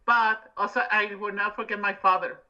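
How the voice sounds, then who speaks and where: A very bright, sharp-toned voice in a loose movie podcast chat, animated and full of quick asides. The sound is a little muffled and lo-fi. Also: mid-range voice. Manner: animated, tells stories about family. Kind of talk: casual movie discussion.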